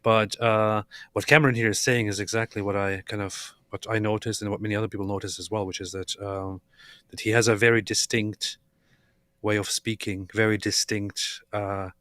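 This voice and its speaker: A man co-hosting a reaction stream in a relaxed way, hesitant and full of fillers. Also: lowish voice, moderate pace, no echo, studio quality. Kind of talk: casual reaction commentary.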